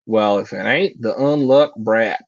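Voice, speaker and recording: A man's voice: fairly low pitch, unhurried, no echo, highs cut off. A man voicing a brash, taunting male fighter with a put-on country accent. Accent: country drawl, put on. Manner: swaggering, taunting.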